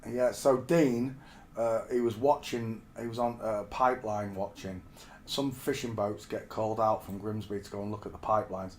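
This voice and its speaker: A man's voice: on the low side, steady tone, moderate pace, slight background noise. A man in his forties from England, telling rambling stories in casual chat and calling the listener mate. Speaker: streamer.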